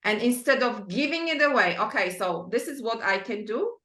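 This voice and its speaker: A woman's voice: on the high side, lively intonation, normal speed, fairly bright tone, roomy sound. A woman guest on a podcast, telling anecdotes earnestly in slightly non-native phrasing. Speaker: guest, author and practitioner. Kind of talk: casual conversation, storytelling.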